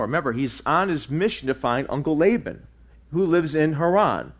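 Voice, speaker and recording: A man's voice: on the high side, animated, moderate pace. A man preaching a verse-by-verse sermon in a conversational way, with frequent fillers and restarts and repeated "right?" checks. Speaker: pastor. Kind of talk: sermon teaching through scripture.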